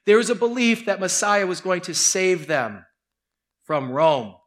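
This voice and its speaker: A man preaching a sermon, animated and acting out scenes. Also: high voice, measured pace. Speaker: pastor.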